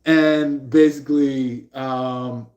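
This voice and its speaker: A man's voice: medium pitch, steady tone, very slow, a little mellow, roomy sound, highs cut off. A man giving a live-streamed tarot reading in a rambling way, with many fillers, acting out the people he describes in raised voices. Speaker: tarot reader.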